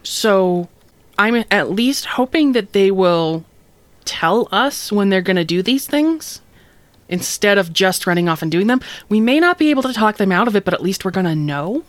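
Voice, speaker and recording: An easygoing alien mother who sees herself as more of an aunt, hesitant and apologetic, leaning on fillers, as a player voices her in a tabletop game. The voice is mid-pitched and dry. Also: lively intonation, moderate pace, dry recording, lightly acted. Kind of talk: tabletop role-play.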